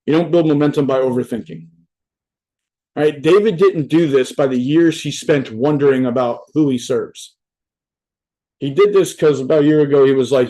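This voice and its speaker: A fairly high-pitched, mellow voice belongs to a young adult man giving a casual motivational talk at a virtual event. Speaking into a talk mic, he rambles profanely, full of fillers and repeated "right?" asides.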